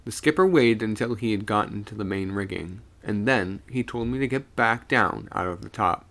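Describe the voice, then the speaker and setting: A man's voice: lowish voice, normal speed, a bit bright. A man streaming live, reading a ghost story aloud and voicing its characters.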